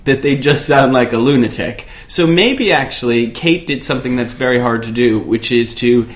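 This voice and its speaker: A man's voice: mid-range voice, normal speed. An American man co-hosting a podcast, talking in a casual, playful and digressive way. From United States. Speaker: podcast co-host. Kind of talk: casual chat.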